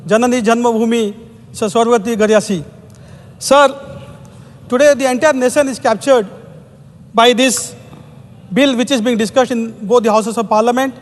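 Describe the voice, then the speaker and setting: Brief: Indian-accented male legislator, high voice, formal, long chamber echo. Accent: Indian English. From Odisha, India. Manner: formal, peppers every phrase with "sir". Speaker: member of parliament. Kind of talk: parliamentary speech. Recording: long reverb of a large chamber.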